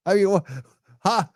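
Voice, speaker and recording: A man's voice: sits high, dry recording, clean studio sound. A man giving crude, sarcastic running commentary over event footage, often laughing.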